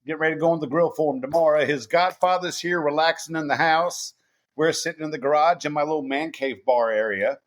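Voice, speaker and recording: A man with a slightly raised pitch, co-hosting in easy, laid-back chat. He teases his friends and describes his evening at home. He talks from his garage bar. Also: fairly quick. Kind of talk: casual chat.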